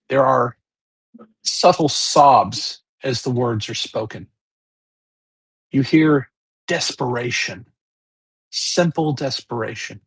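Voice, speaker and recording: A game master narrating a tabletop game, setting scenes slowly and checking in with the players. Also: medium pitch, breathy edge. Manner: slow, measured scene-setting with check-in questions.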